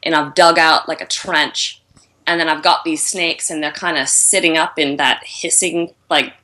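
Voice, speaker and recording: A woman's voice: low voice, fairly even intonation, moderate pace, sharp tone. A woman from the United States with an American accent that drifts toward Australian, chatting casually and bluntly, swearing freely and laughing often. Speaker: guest, adult film performer. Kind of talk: casual podcast chat.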